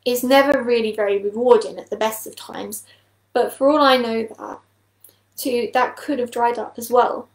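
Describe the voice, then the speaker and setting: A woman's voice: a little high, normal speed, reverberant, natural voice, poor audio. A woman voicing an aloof male kestrel who speaks evenly and without concern in a storybook reading. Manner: even, unconcerned.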